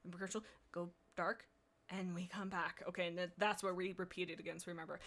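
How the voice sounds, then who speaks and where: Excitable chatty woman livestreamer. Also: lowish voice, quick pace. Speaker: livestream host. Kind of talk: casual reading and commentary.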